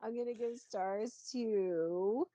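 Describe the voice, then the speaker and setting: A woman co-hosting a podcast in a casual chat, steering the talk along in a relaxed way. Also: mid-range voice, slow, no room sound. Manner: relaxed, wraps up segments. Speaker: podcast co-host. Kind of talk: casual chat about a soap opera.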